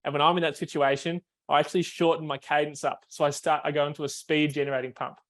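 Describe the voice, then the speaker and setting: A man's voice: on the high side, little pitch movement, fast talker. A man, a foiling coach, explains technique on a video call, step by step, with many fillers and restarts.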